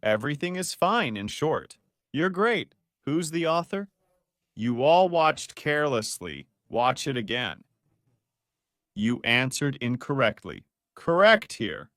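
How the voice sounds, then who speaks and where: A man's voice: mid-range voice, slow pace, no room sound, clean studio sound. A man, a doctor, giving a playful video lesson on the spine and quizzing his viewers. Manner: lively, playful teaching with quiz questions to viewers. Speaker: doctor explaining spine health.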